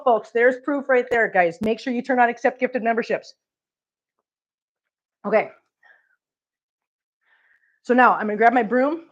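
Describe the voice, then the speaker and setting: A middle-aged woman rambles casually to her cats and her live chat as she works, her voice sitting a touch high. She sounds a little out of breath. The stream audio is dull and lo-fi. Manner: chatty, talks to her cats and chat viewers. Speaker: cat channel vlogger. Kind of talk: casual livestream chat while cleaning.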